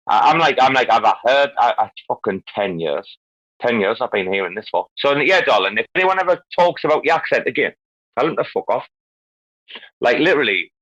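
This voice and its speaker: A man's voice: fairly low pitch, a bit bright, no echo. A man hosting a casual chat, ranting heatedly with lots of swearing and fillers. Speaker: host. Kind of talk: casual chat on a live audio room. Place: lives in Asia. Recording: dull lo-fi dry sound.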